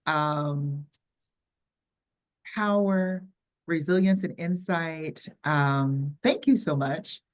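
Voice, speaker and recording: An older woman with a Southern US accent and a low voice hosts an online workshop over a video call. She's chatty but halting, with frequent ums and restarts.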